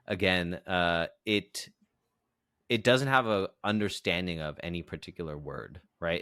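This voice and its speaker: Deep, smooth-voiced man explaining. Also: fairly bright tone, dry recording, clean studio sound. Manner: explains patiently, leans on "you know" and "right?". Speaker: podcast co-host. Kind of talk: casual explanatory podcast chat.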